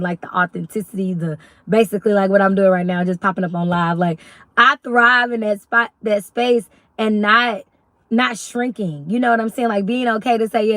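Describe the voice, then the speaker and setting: A young woman from Arkansas with a Southern accent, chatting casually and rambling on a live stream as a YouTube host. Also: dry recording. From Little Rock, Arkansas. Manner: chatty, rambling, faith-filled talk with lively pitch jumps.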